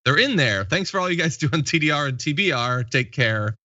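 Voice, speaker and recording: Male host, late 30s, relaxed chatty reader of comments; higher-pitched, very dry close sound. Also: brisk, dry recording, lo-fi sound. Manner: reads viewer comments aloud, laughs easily. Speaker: show host. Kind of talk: casual live-stream chat.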